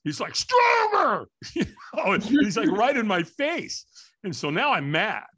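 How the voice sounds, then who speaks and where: A middle-aged man, a guest in an interview, telling a story with energy and acting out the voices and shouts of the people in it. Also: high-pitched, normal speed, breathy edge. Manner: lively, acts out quoted voices and shouts. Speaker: interview guest, firewalk instructor.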